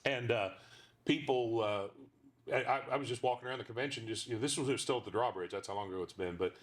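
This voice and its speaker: A man's voice: mid-range voice, quick pace. A man who is a ventriloquist and voice actor, chatting in an interview and telling rambling stories with frequent fillers. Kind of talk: casual interview chat.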